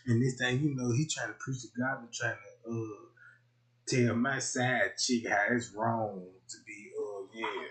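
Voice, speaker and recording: A man hosting a livestream, telling a profane comic story in an animated way, swinging from hushed asides to loud outbursts. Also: medium pitch, normal speed. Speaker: comedic livestream host. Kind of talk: profane comedic storytelling rant.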